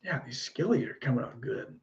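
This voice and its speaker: A man in a relaxed, easygoing live-stream chat, thinking out loud as he works on miniatures and talks to viewers. His voice sits at an ordinary middle pitch, and the stream audio comes through a little dull and lo-fi. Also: fairly quick, gravelly. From United States. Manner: relaxed, musing aloud while painting, chatting with viewers. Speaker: livestream host painting miniatures.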